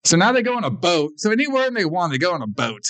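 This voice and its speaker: A man's voice: sits high, sing-song, quick pace, fairly bright tone, no echo. A man co-hosting a podcast, recapping a movie in a rambling, crude casual chat full of swearing. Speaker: podcast co-host.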